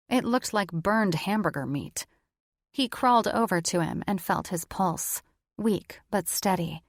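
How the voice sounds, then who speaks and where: Slow, measured woman narrating an audiobook. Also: on the low side, dry recording, studio quality. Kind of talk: scripted narration.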